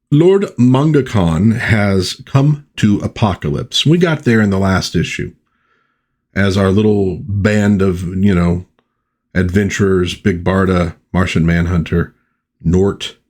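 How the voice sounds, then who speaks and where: Husky-voiced man reviewing comics. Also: fairly low pitch, darkish tone. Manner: chatty, rambling, with asides and fillers. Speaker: comic book reviewer, host. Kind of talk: casual comic review vlog.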